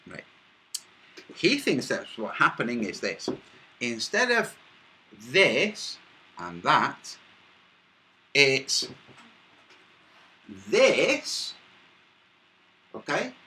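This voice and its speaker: Bright, lively-voiced man mocking his critics. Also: medium pitch, very slow, pauses often. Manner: mocking, explanatory, talks to chat. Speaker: livestream host. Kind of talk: demonstrating and arguing to viewers.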